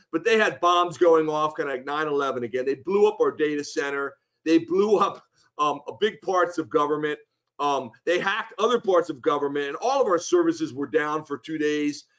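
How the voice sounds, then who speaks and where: A middle-aged man telling a long anecdote in a conversation, acting out the quoted people as he goes. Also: highs cut off. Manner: animated anecdote, voices the quoted people with rising pitch. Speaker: guest speaker. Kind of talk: storytelling in conversation.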